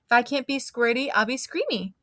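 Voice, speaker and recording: A woman voicing an excitable, boisterous little girl in a storybook, squealing and bouncy. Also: on the high side, brisk, no echo, studio quality, voice pushed up. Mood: excited.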